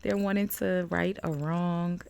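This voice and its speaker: Chatty woman doing a tarot reading, low mellow voice, keeps laughing and calling you friend. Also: fairly even intonation, slow pace, vocal fry, clean tone. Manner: chatty, laughs often, calls the viewer "friend". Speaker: tarot reader. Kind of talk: casual tarot card reading to camera.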